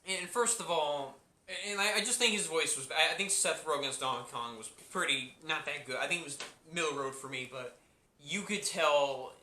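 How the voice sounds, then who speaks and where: A man talks through a movie review in a loose, rambling way, circling back to the same points and restarting his sentences. His voice is strikingly bright and a little high. The room around him adds a clear echo. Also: normal speed. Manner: rambling, repeats himself, many restarts and fillers. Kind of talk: casual spoken review.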